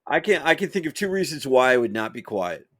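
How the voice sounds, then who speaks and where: A man's voice: mid-range voice, big pitch swings, quick pace, fairly bright tone, slight background noise. A man co-hosting a podcast who teaches martial arts, talkative and self-assured in casual chat. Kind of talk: casual banter.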